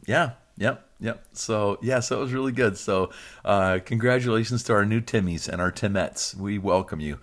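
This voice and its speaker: A man with a fairly low voice hosts a podcast as a pastor. He chats casually, jokes and laughs easily. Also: moderate pace, fairly bright tone. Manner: chatty, joking, laughs often. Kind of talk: casual chat.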